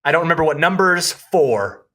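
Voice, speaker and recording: A man's voice: a little high, expressive, normal speed, bright, forceful tone. A man co-hosting a comedy podcast, chatting casually and joking, often restarting and trailing off mid-sentence. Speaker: podcast co-host. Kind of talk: casual chat.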